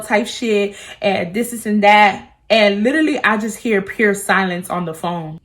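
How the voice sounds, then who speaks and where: A young woman tells a storytime to her camera. She talks in a loose, profane, animated way, slipping into other people's voices as she quotes them. She sits close to the camera mic. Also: medium pitch, unhurried. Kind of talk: casual storytime vlog.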